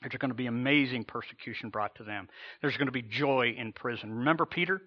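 Male pastor, mid-pitched, preaching with drawn-out emphasis; slightly dull recording. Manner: emphatic preaching with dramatic slow pauses and pitch swells. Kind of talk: sermon.

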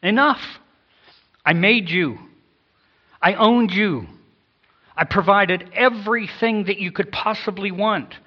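A preacher voicing a stern, booming God. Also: male voice, slow, long pauses, husky, exaggerated voice. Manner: emphatic, booming declarations. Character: stern righteous male God, grieved and final. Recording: dull lo-fi sound.

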